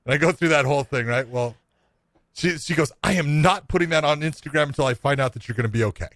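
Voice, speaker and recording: A man's voice: on the high side, fast talker, a bit bright, no echo. A middle-aged man telling a long story in a casual, rambling, self-mocking way, swearing freely.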